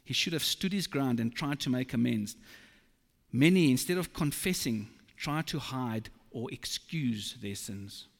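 A man preaching a sermon, slow and emphatic, quoting scripture. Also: mid-range voice, lively intonation, vocal fry, a bit bright. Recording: long reverb of a large hall.

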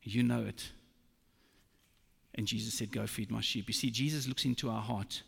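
Man, preacher, gravelly voice, slow emphatic sermon, reverberant hall. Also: lowish voice, fairly even intonation, fairly bright tone. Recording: long reverb of a large hall.

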